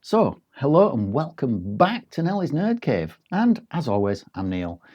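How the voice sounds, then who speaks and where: A man's voice: medium pitch, wildly swooping pitch, a little slow, highs cut off. Chatty man reviewing gadgets. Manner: chatty, rambling, frequent ums. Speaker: tech reviewer. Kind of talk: casual product review.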